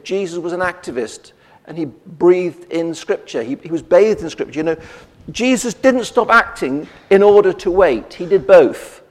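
Preacher in a reverberant hall. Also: male voice, sits high. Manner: conversational, with frequent restarts and rhetorical questions. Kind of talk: sermon. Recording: long reverb of a church hall.

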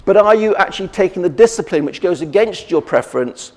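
A man delivers a sermon in a relaxed, conversational way, restarting phrases and asking the congregation rhetorical questions. His voice sits a little high for a man. It carries the long reverb of a church hall. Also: fairly quick. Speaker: preacher.

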